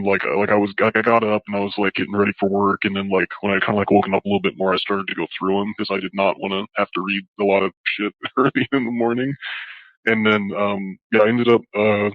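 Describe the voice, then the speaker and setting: A young man answering interview questions haltingly, his speech full of fillers. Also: lowish voice, level tone, dry recording. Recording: dull, dry lo-fi audio.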